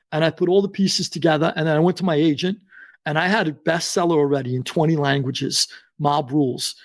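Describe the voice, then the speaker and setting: Casual: new guy, kinda high voice, talks fast and excited, does all the voices in his stories. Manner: acts out dialogue in quotes, fast and excited. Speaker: guest author. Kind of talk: animated storytelling interview.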